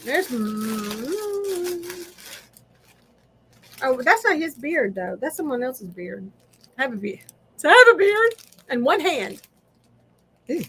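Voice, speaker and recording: A woman's voice: high voice, very animated, slow pace, long pauses, fairly bright tone, slight background noise. A middle-aged woman hosting a casual craft livestream, chatting straight to viewers and laughing often.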